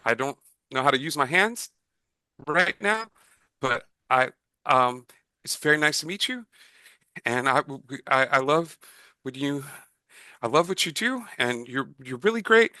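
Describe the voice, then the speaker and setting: A man's voice: fairly high pitch, sharp tone, no room sound, voice pushed up. A man voicing a nervous, gangly teenage boy fan who stammers and trips over his words.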